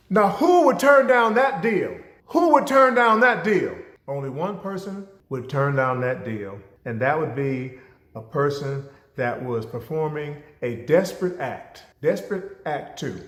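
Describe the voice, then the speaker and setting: A male lecturer with a somewhat high voice tells stories in an animated way, full of rhetorical questions. He is recorded on camera in a roomy room with a clear echo. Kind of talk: storytelling lecture.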